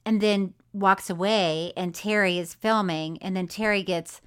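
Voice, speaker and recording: A woman's voice: mid-range voice, fairly even intonation, measured pace, clean tone. A woman co-hosting a podcast, telling a film's story in casual chat and acting out the quotes, laughing often. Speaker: podcast co-host.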